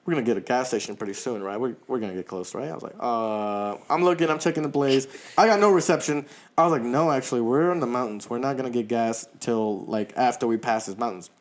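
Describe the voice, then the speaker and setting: A man's voice: medium pitch, quick pace. A man co-hosting a podcast, telling a long story in casual chat, laughing often and swearing freely. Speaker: podcast co-host.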